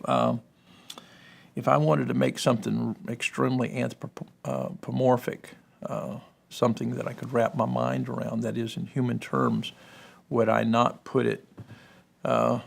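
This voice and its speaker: A man with a gravelly voice explaining Hebrew and Greek grammar in a discussion, full of "you know" and checking "correct?". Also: medium pitch, flat delivery, a little slow. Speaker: guest explaining biblical languages.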